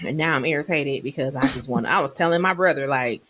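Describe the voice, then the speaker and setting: A woman co-hosting a faith podcast, chatting casually in an animated, emotional way. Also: a bass voice. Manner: animated, emotional storyteller, Southern US dialect forms. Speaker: podcast co-host. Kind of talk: casual chat.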